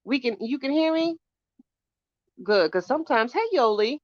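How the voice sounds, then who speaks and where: A woman hosting a casual live stream, hoarse from a chest cold, chatting with viewers and greeting them by name. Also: high voice, animated, moderate pace, dry recording, muffled recording. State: hoarse from bronchitis. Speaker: podcast host doing a live stream. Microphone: phone.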